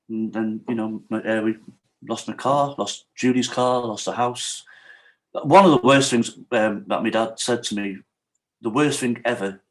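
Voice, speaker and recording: A middle-aged man, a podcast guest telling his own hard story frankly and with feeling, often checking in with "you know what I mean?". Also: mid-range voice. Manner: frank and emotional, retells what others said to him. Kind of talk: candid personal storytelling in an interview.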